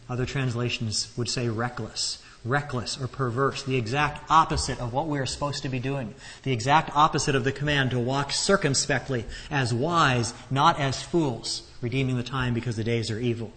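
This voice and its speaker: A man teaches from scripture in a loose, conversational way, often restarting his sentences as he explains. His voice sits at an ordinary middle pitch, and it carries with a long reverb through a hall. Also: a little fast, fairly bright tone. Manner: conversational, earnest, stammers on restarts. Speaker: Bible teacher. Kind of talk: expository Bible teaching.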